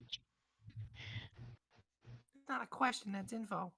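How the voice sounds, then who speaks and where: A woman's voice: mid-range voice, takes it slowly, vocal fry, a bit bright, husky, voice pushed up, heavily acted. A woman voicing a grumpy old male shopkeeper who talks with a twangy drawl and haggles with suspicion. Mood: haggling.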